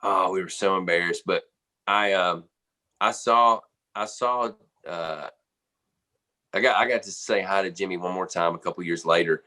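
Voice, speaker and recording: Low-voiced man telling a rambling anecdote. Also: moderate pace, sharp tone. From United States. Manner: rambling storyteller, many fillers and restarts, laughs often. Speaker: guest musician, drummer. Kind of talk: casual anecdote in an interview.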